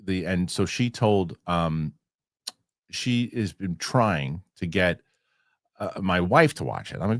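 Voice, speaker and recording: A man's voice: low voice, lively intonation, slow, dry recording, studio quality. A man hosting a casual movie chat show, talking. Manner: rambling with many restarts. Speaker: host.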